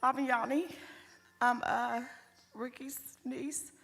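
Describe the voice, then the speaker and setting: A woman with a weak, quiet voice gives a halting funeral tribute, her voice pitched quite high. The words trail off into a long hall reverb. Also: steady tone, gravelly. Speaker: family member giving a tribute. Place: funeral home chapel.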